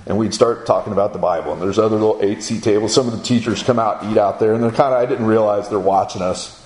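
A middle-aged man preaching in a conversational way, acting out his son's and others' lines in a higher voice. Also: fast, a little mellow, echoey room, low-quality recording. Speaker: speaker at a men's gathering. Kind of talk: sermon-style storytelling.

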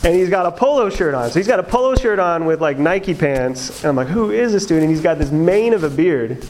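Animated, chatty man telling a story. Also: a little high, fairly quick, background noise. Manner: animated, chatty, lots of fillers and laughs. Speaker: speaker sharing his testimony. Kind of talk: storytelling testimony talk.

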